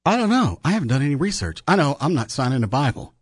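Lively joking Texan radio host. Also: male voice, mid-range voice, fast talker, breathy edge, no room sound, studio quality. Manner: joking, laughs often, reads emails aloud. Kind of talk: casual radio banter.

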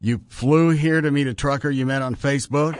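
A man's voice: medium pitch, a little fast, no echo, studio quality. A man hosting a radio call-in show, teasing his co-host and callers with playful banter.

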